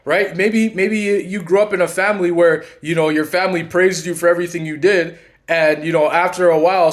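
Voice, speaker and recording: A man hosting his own channel in a casual monologue. His voice sits a little high, and he rambles with many restarts and fillers. Now and then he acts out lines he quotes. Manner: rambling, full of "you know" and restarts. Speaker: channel host and coach.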